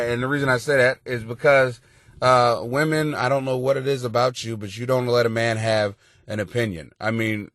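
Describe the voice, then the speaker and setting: A man's voice: mid-range voice, fairly bright tone, dry recording, clean studio sound. A man hosting a show from his basement, ranting bluntly and crudely with a lot of swearing. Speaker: host. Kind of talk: profane comedic rant to camera. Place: home basement.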